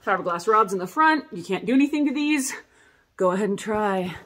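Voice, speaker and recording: A woman's voice: medium pitch, fairly quick. Chatty woman showing off corsets. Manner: chatty, animated and self-mocking, with asides and laughs. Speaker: corset maker showing her collection. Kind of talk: casual product showcase vlog. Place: workshop under a tin roof.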